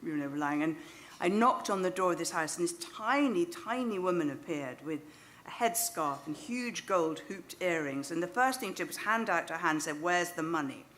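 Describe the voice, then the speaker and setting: A woman's voice: on the low side, animated, normal speed, a bit bright. A middle-aged woman with a British English accent, telling a self-deprecating anecdote live on stage into a microphone. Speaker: novelist. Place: stage of a small club venue.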